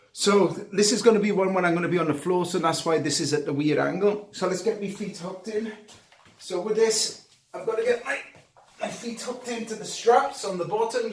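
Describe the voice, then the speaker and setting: A man demonstrating exercises at home, talking through each move and getting out of breath between reps. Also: high-pitched. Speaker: fitness coach. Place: home workout space. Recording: echoey room, distant camera mic.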